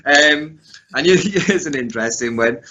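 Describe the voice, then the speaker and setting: A man's voice: on the high side, lively intonation, a little slow, pushed and bright, lo-fi sound, slight background noise. A man co-hosting a casual chat, talking loosely and laughing often. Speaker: co-host.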